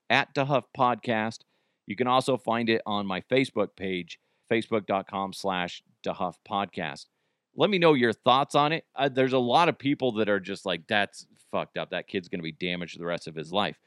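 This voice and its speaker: A man hosting a casual podcast, tossing out profane jokes and laughing as he talks. His pitch swoops up and down freely, and the recording is close and dry. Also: fairly bright tone, no echo. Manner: joking, profane, laughs often. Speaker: podcast host.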